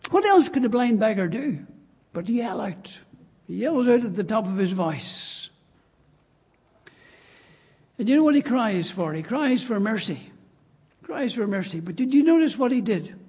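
A man delivers a church sermon in a high, mellow, slightly husky voice. He stresses and repeats his main points with emphatic rises and drops. The sound carries a long reverb from the church hall. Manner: emphatic, repeats key phrases. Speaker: preacher.

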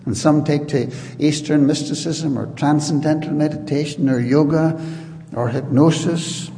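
A man's voice: a little high, fairly even intonation, moderate pace, gravelly, dark tone. A man preaching a sermon in earnest, pleading tones, often restarting his phrases. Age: older. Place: church. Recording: reverberant hall with faint noise.

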